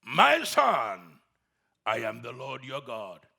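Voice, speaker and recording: A man voicing God as a deep, slow, commanding voice within a sermon story. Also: wildly swooping pitch, creaky, bright, forceful tone, full character voice. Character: God, a deep, booming heavenly voice.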